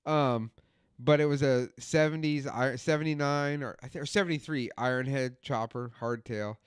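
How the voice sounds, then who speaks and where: A man's voice: medium pitch, moderate pace, clean tone, no echo, studio quality. A man telling loose, profane stories on a casual podcast, acting out what people said. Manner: profane, animated storyteller acting out quotes. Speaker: podcast co-host. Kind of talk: casual storytelling. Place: home podcast studio.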